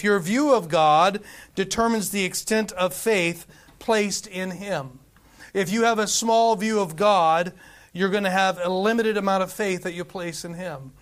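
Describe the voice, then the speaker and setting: A male pastor with a notably high voice preaches with fervor. He repeats his points for emphasis, stumbles into restarts, and keeps calling out to his congregation. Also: a bit bright. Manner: calls out to the congregation for responses. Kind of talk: sermon.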